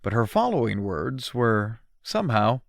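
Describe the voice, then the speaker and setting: Expressive male audiobook narrator. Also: medium pitch, a little slow, vocal fry, no echo, studio quality. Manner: expressive first-person storytelling.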